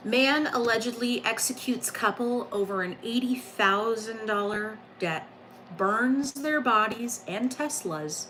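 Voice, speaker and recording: A woman's voice: medium pitch, background noise. A woman hosting a live stream at home, reading crime news aloud and chatting with viewers, with blunt, offhand asides.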